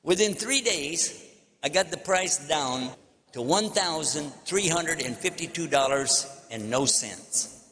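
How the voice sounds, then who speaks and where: A man's voice: fairly high pitch, expressive, takes it slowly, a bit bright. An older man with a Texan accent giving a public lecture as a preacher, telling stories in a folksy way and acting out phone calls. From Texas, United States. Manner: folksy storytelling, acts out phone dialogue. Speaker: Islamic preacher. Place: large convention hall. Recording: long hall reverb.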